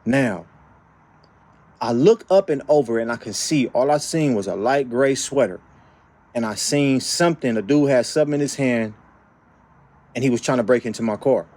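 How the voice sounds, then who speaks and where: A man from the Bay Area telling a personal story in an animated, emphatic way, with frequent tag questions and repeated phrases. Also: mid-range voice, normal speed, long pauses. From San Francisco Bay Area. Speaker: vlogger. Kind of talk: casual storytelling.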